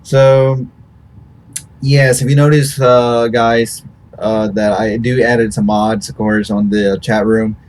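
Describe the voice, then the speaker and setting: A man hosting a casual post-show chat as streamer, talking haltingly with many restarts. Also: mid-range voice, flat delivery, a little mellow. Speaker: host and streamer.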